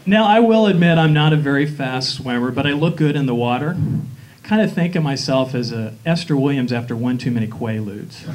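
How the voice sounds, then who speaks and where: A man's voice: mid-range voice, fairly quick. A man from Atlanta with a Southern accent doing a campy, sly stand-up comedy routine on a live stage. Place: live stage before an audience. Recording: live show with crowd noise. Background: audience laughter.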